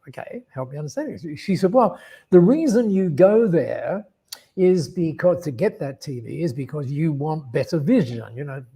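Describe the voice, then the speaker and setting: An Australian man with a slightly husky, somewhat high voice talks through a story as an interview guest. He rambles and restarts, slipping into quoted back-and-forth dialogue as he goes. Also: mellow. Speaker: guest speaker.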